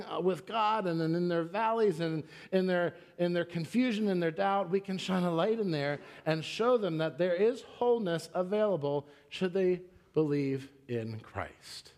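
A middle-aged male pastor delivering a sermon, his voice sitting a little high for a man. He slips into stories and acts out the quotes in them, lifting his pitch as he plays the other people. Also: a little mellow.

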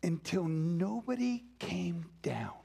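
A man's voice: high voice, very animated, slow pace, gravelly, dark tone, slightly rough. A man preaching a sermon, telling stories and dropping to a whisper for emphasis. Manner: dramatic, drops to a whisper for emphasis. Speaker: pastor.

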